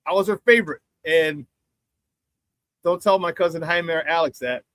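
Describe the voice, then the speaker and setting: Upbeat guy hosting a chill sports talk show, kinda high voice, keeps repeating himself for emphasis. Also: moderate pace, fairly bright tone, dry recording. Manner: chatty and upbeat, laughs often, repeats phrases for emphasis. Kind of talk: casual live sports talk, reading viewer chat.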